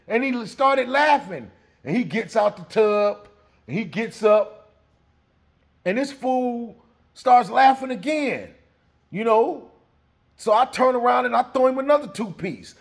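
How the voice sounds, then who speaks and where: A man telling a story in a casual way, animated and laughing as he acts out the scene. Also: sits high, a little slow, creaky.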